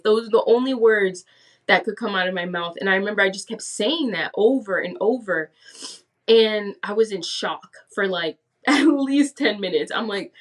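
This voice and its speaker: A woman's voice: mid-range voice, measured pace, distant mic. A woman giving a casual spoken testimony, chatty, acting out her own past words as she tells it. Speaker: guest giving a faith testimony.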